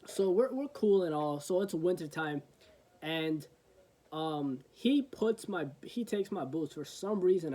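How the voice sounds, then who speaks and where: Young guy telling a story, kinda high but mellow voice, lots of "right?". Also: poor audio. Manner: rambling, filler-heavy, keeps asking "right?". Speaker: vlogger. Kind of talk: casual storytelling.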